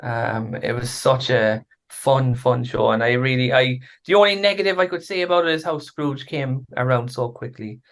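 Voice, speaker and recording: Gravelly, hesitant male podcast co-host. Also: mid-range voice, normal speed, few pauses, a bit bright. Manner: hesitant, many ums.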